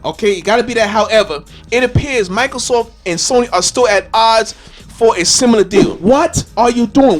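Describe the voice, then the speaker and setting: A man hosting a gaming channel, ranting with loud, exasperated questions and frequent cursing. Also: high-pitched, a little fast, over music. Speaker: gaming YouTuber. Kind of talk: animated rant video.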